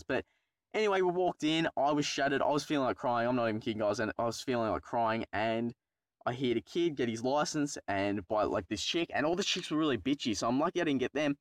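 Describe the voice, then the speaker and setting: Young man, Australian accent, casual storytelling, swears a lot, mid-pitched voice, dry close sound. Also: animated, fast, no room sound. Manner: rambling, profane, self-mocking. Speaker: YouTuber telling a personal story.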